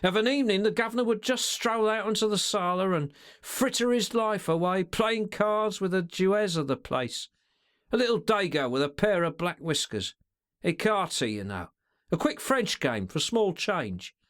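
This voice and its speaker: A man voicing a sly, stealthy male secretary in a storybook, with slangy, sneering, drawn-out remarks. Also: high voice, animated, a bit bright, voice pushed up. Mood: scornful.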